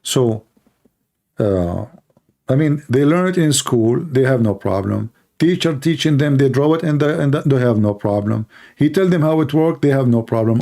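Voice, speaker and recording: A middle-aged man with a gravelly, dark voice hosts a live-streamed religious debate. His English is broken, and his delivery is blunt and combative. He mocks his opponents and fires off rhetorical questions. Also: medium pitch, moderate pace. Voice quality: non-native English with broken grammar. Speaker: debate show host.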